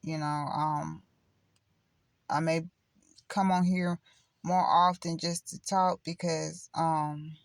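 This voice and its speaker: A woman's voice: low-pitched, flat delivery, takes it slowly, creaky, pauses often, dry recording. Blunt, rambling woman vlogger. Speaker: spiritual vlogger. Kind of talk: casual direct-to-camera chat.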